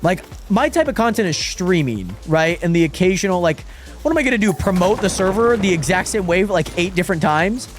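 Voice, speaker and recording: A young man chatting casually with viewers while live-streaming a game, animated and often exasperated. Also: sits high, a little fast, soft background music. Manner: animated, swings between excited greetings and exasperated muttering.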